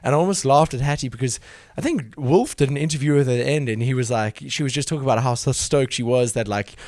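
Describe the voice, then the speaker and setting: A man's voice: mid-range voice, fast talker, a little mellow, dry recording, clean studio sound. A man guesting on a podcast, chatting casually with frequent laughs and lots of "like". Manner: chatty, laughs a lot, says "like" often. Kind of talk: casual chat.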